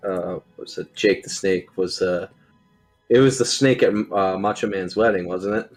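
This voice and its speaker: A man's voice: low-pitched, moderate pace, soft background music. A man co-hosting a podcast, chatting casually and hesitantly. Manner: hesitant, full of fillers. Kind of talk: casual chat.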